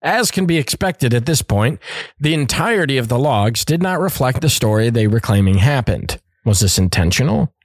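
A man's voice: medium pitch, very animated, normal speed, no echo. A man hosting a podcast who reads out a story in a casual way, with asides and joking and some swearing. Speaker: podcast host.

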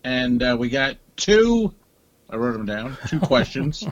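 A man's voice: medium pitch, sing-song, unhurried, muffled recording. A man co-hosting a comedy podcast in casual chat, rambling and hesitant, acting out little exchanges. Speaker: podcast co-host.

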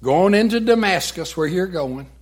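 A man voicing a calm, commanding divine voice from heaven. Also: high voice, normal speed, pitched above the performer's own voice.

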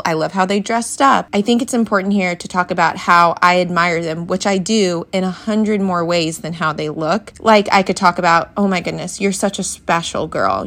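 A woman's voice: fairly low pitch, fairly bright tone. A woman, hosting a faith-based parenting podcast in an earnest, encouraging way. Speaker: podcast host.

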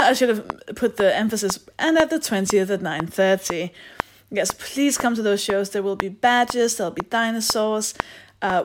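A woman's voice: on the high side, noisy background. A woman hosting a podcast, reading out announcements in a playful, rambling, self-mocking way. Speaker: podcast host. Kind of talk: casual solo announcement.

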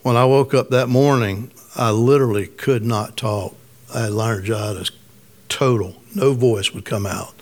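A middle-aged man preaches in an easy, conversational way, with a slight rasp in his voice. He tells a personal story and turns to the listeners with questions now and then. His pitch sits in the middle. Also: moderate pace. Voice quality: slightly raspy. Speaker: pastor. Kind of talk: sermon.

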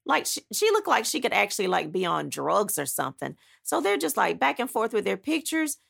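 An author with a deeply gravelly, fry-heavy voice tells her own story, bluntly and emphatically dramatizing each step and adding frequent asides. Her pitch swings hugely, she speaks fairly quickly, and her tone is a bit bright.

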